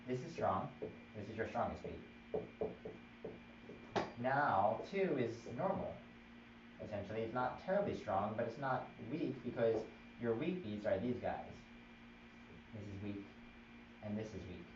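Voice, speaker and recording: A man's voice: fairly low pitch, animated, unhurried, pauses often. A man teaching a chant theory class, patiently explaining and counting out beats. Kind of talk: live-streamed music theory class. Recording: roomy, distant, dull live stream with noise.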